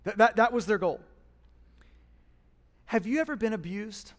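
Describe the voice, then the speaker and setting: A man preaching a sermon as pastor, with passionate swings between hushed and loud emphasis, speaking in a church. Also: high voice, lively intonation, normal speed, big-room sound. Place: church hall.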